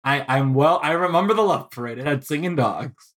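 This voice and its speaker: A man's voice: on the high side, animated, a little fast, fairly bright tone. Man, podcast host, casual chat, playful, laughs often.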